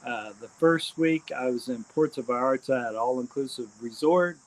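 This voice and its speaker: Casual live-stream host, male, medium pitch, rambling and hesitant, keeps repeating plugs. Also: normal speed, rough recording. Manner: hesitant, frequent ums and uhs.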